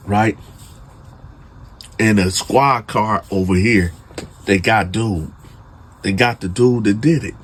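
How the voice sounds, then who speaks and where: A man's voice: lowish voice, slow, breathy edge. A man telling a true prison story in casual, slangy talk, speaking straight to his listeners and building suspense. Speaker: storyteller host.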